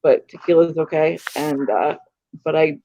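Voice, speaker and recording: A woman's voice: deep voice, fairly even intonation, moderate pace, slight background noise. A woman chatting casually and speaking her mind, often breaking into laughter. Her voice comes through a slightly dull, lo-fi recording. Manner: outspoken, laughs easily. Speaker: friend in the chat. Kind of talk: casual chat.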